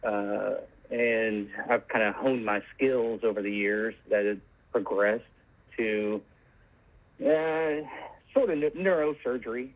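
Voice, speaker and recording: Male caller, calm and deadpan, phone-line sound. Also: fairly low pitch, slow. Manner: calm, deadpan, matter-of-fact about absurd claims. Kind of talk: deadpan comedic call-in bit.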